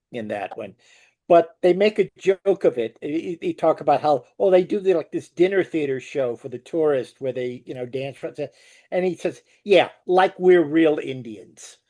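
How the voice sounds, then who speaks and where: A man's voice: a little high, expressive, moderate pace, warm tone. A man interviewing a guest, asking questions in a hesitant, self-interrupting way. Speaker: interviewer, magazine writer.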